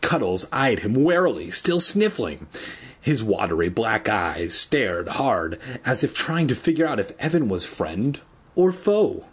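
A man's voice: lowish voice, sing-song, measured pace, husky. A man reading a children's book aloud casually, adding joking asides and laughing at his own slips. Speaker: reader.

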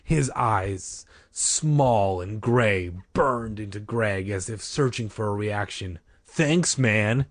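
A man narrating an audiobook with expressive storytelling. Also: on the low side, takes it slowly, few pauses, dry recording, studio quality. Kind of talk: audiobook reading.

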